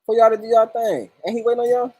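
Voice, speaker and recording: A man's voice: very high voice, steady tone, fast, warm tone, breathy edge, no echo. A man hosting a livestream in casual, profane chat, greeting viewers by name as they join. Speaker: livestream host.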